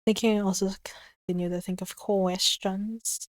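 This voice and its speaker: A woman's voice: medium pitch, fairly even intonation, measured pace, no room sound. A woman streaming from her room, chatting casually with her chat, giggly and gushing, swearing lightly. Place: her own room at home.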